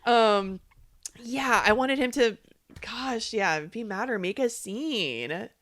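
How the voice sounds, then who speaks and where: A woman co-hosting a podcast, chatting casually in an animated way, laughing and acting out quotes. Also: fairly high pitch, takes it slowly. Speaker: podcast co-host. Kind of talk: casual recap chat.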